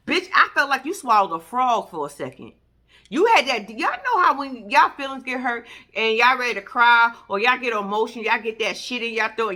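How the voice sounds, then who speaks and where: A woman's voice: on the high side, bright, forceful tone. A woman giving casual reaction commentary as a vlogger, blunt and profane, ranting in exasperation.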